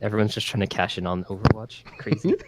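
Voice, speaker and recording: A man's voice: lowish voice, fast talker, background noise. A man casting a video game match live, teasing his co-caster with questions. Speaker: esports caster.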